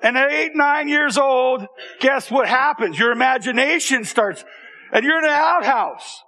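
Unhurried, a high, bright-voiced man shares a personal story with an audience. His telling is lively and chatty, full of restarts and asides to the crowd.

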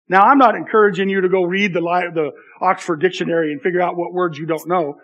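High-voiced man preaching a casual sermon. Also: steady tone, quick pace, few pauses, a bit bright, lo-fi sound. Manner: conversational, self-deprecating, frequent "right?" asides. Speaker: pastor.

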